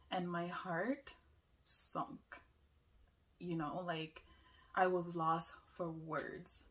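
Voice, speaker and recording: A young woman telling a personal story in an emotional, halting way. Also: on the low side, flat delivery, a bit bright. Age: young adult.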